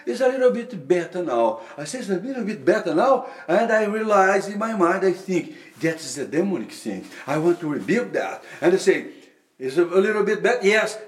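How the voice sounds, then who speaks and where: A man telling a personal testimony of street evangelism, with halting, restarting phrases that break into loud bursts of prayer. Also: sits high. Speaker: lay preacher giving a testimony. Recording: echoey room.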